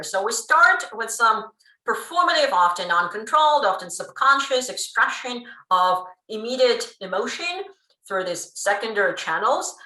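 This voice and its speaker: A woman giving a pre-recorded linguistics lecture, explaining in a lively way with frequent ums. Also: fairly high pitch. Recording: roomy room sound.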